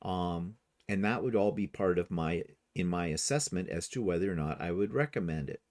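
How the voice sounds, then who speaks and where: A man's voice: low voice, moderate pace, a little mellow. A middle-aged man hosting a quilting show in casual chat, rambling a little and correcting himself as he goes. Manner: chatty, rambling, self-correcting. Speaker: host.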